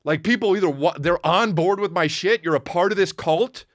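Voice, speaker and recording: A man hosting his podcast as a comedian, ranting in an animated, profane way with sudden high mocking outbursts. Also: normal speed, dry recording, studio quality. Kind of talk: comedic rant.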